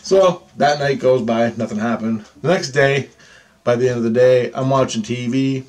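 Man of mid pitch, rambling storyteller; swears constantly, mutters then bursts out, repeats himself. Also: moderate pace. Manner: rambling, profanity-heavy, swings between muttering and excited outbursts; restarts and repeats himself often. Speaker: vlogger recounting personal experiences. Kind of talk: casual storytelling monologue.

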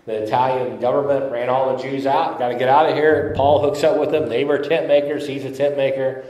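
A man's voice: mid-range voice, flat delivery, brisk, warm tone, echoey room, rough recording. A man preaching a sermon as pastor, talking in a conversational way with fillers and emphatic repetition. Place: church sanctuary.

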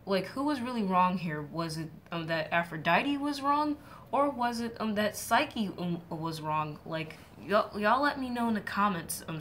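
A woman's voice: lowish voice, fairly bright tone, slight background noise. A young woman streamer casually retelling a myth to her viewers, joking around and acting out the characters in playful voices. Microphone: streaming setup mic.

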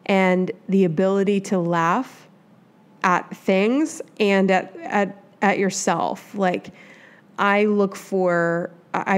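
A woman's voice: fairly low pitch, smooth. A woman from the Midwest hosting a solo advice podcast, talking in a chatty, rambling way with lots of asides. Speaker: podcast host.

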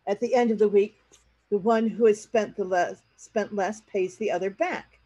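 A woman teacher reading a story aloud to a class, pausing to explain words to her learners. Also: medium pitch, steady tone, warm tone, husky, lo-fi sound.

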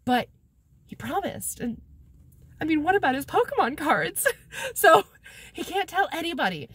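A woman with a high voice that swoops up and down, recapping an old novel for her camera in a loose, rambling way. Her humor is sarcastic, and she giggles and swears casually. The sound is close and dry, with no room around it. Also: big pitch swings, moderate pace, a bit bright, no room sound. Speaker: book vlogger. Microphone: camera mic, talking to a camera viewfinder.

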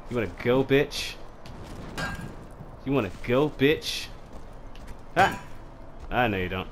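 A young man casually commenting while playing a fighting game, trash-talking opponents and shouting battle cries. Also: mid-range voice, expressive, measured pace, a little hiss or hum. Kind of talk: casual let's-play commentary.

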